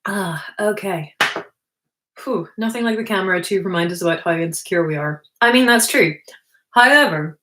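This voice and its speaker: A woman hosting a casual livestream, reading viewer messages aloud and answering them with self-deprecating humor. Her voice sits slightly low for a woman. It bounces around a roomy space. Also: moderate pace, pauses often, fairly bright tone. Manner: chatty and self-deprecating, reads chat messages aloud, laughs often. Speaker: livestream host answering chat. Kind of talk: casual chat. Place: indoor room, sitting on the floor. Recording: roomy echo.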